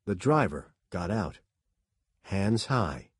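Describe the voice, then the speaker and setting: Slow, husky male audiobook narrator. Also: on the low side, no echo, clean studio sound. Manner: measured, expressive reading. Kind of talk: scripted narration.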